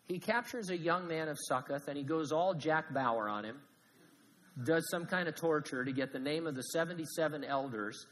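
A man preaching a sermon as pastor, animated, swinging from loud emphasis to hushed asides with jokes. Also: on the high side, normal speed, big-room sound, a little hiss or hum, rough recording.

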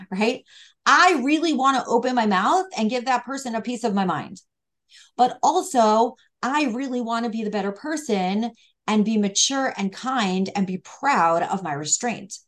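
A woman teaching a class on scripture, chatty and playful, often checking in with her students. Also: on the high side. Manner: conversational, asks "right?" often; acts out the fool's inner voice playfully. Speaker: Torah teacher. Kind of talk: online class on Proverbs.

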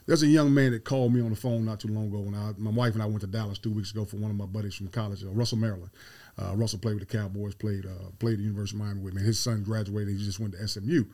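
Emphatic middle-aged football coach. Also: male voice, fairly low pitch, steady tone, racing, darkish tone. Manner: emphatic, repeats key phrases. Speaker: football head coach, guest. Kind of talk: storytelling interview.

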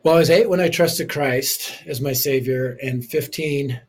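Husky-voiced man, guest storyteller, mid-pitched, animated delivery. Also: unhurried. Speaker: ministry leader and author. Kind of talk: storytelling interview.

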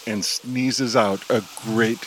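A man narrating an audio drama in a steady, descriptive storytelling manner. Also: on the low side, takes it slowly, background noise.

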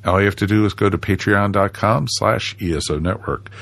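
A man's voice: on the low side, brisk, creaky, a bit bright, no echo. A man hosting a podcast, chatting casually with a jokey, playful patter. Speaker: podcast host.

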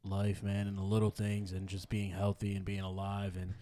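A man's voice: low-pitched, monotone, normal speed, dark tone. Laid-back man musing in casual chat. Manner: laid-back, slangy and reflective. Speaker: podcast co-host.

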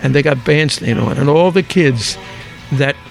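Older philly guy, fast storyteller, slightly high voice, soft music behind. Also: gravelly. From Philadelphia. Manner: lively raconteur, acts out quotes, rattles off names. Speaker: guest. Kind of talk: anecdotal storytelling in an interview.

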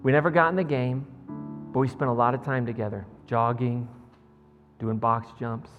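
A man voicing a calm, deadpan middle-aged football coach, speaking in a quiet, measured way. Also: medium pitch, muffled recording, lightly acted. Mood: solemn. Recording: long church reverb, faint music.

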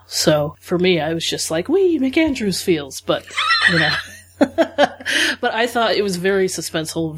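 Husky chatty woman podcaster. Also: lowish voice. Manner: chatty, jokey, self-deprecating. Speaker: podcast co-host. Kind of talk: casual chat.

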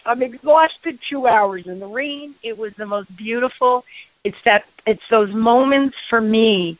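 A woman's voice: mid-range voice, normal speed, dry recording. An enthusiastic woman hosting a radio show, chatting in an upbeat, storytelling way. Her voice comes through a thin, phone-like line with no room sound at all. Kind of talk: conversational radio interview. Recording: tinny phone-like line, dry.

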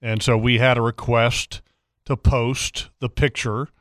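Smooth-voiced easygoing radio host. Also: male voice, medium pitch, flat delivery, unhurried, a bit bright, no room sound, studio quality. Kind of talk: radio hosting, reading listener questions.

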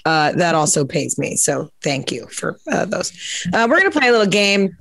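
A woman's voice: on the low side, very animated, normal speed, creaky, a bit bright, no echo. A woman hosting a podcast in a casual, chatty way, with lots of fillers and giggles as she reads captions aloud. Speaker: podcast host. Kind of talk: casual interview chat, reading captions aloud.

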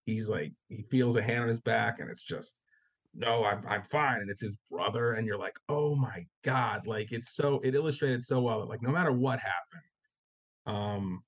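Animated, swearing male podcast co-host. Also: on the low side, normal speed. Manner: animated, swears freely, acts out characters' reactions. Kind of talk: casual chat about a TV episode.

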